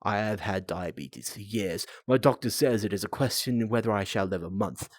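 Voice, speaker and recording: A man's voice: lowish voice, moderate pace, no room sound, clean studio sound, lightly acted. A man voicing a grim, dying old man with a put-on Australian accent, in a storybook reading. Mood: grave.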